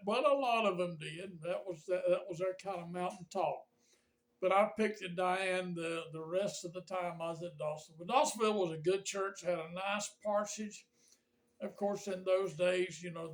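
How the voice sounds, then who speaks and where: Older pastor, rambly folksy storytelling, kinda high voice. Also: male voice. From Georgia, USA. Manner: folksy, rambling, with frequent fillers and restarts. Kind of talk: casual reminiscing monologue to camera.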